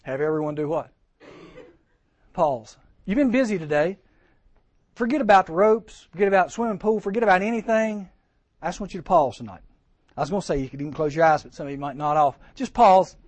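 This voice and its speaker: A man preaching a storytelling sermon at a teen camp chapel, animated and acting out the voices he quotes. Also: high-pitched, brisk, pauses often, no echo.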